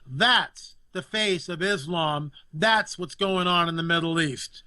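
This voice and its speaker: Fired-up guy ranting on a talk show, bright forceful voice, dry close sound. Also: fairly high pitch, slow, hardly any pauses, no room sound. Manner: emphatic, indignant, repeats phrases for effect. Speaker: guest commentator. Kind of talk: impassioned political talk.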